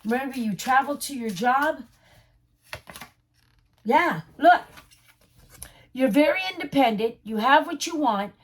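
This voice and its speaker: A woman's voice: sits high, lively intonation, a little slow, pauses often, husky. A woman giving a casual tarot reading straight to the viewer, reassuring and repeating her points. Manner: reassuring, repetitive, addresses viewer directly. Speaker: tarot reader.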